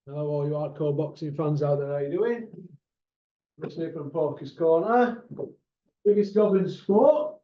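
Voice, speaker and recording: A man with a fairly high voice hosts a casual online boxing chat show. He talks bluntly and rambles, saying what he thinks. The sound is dull and lo-fi, like online call audio. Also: normal speed. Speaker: boxing channel host.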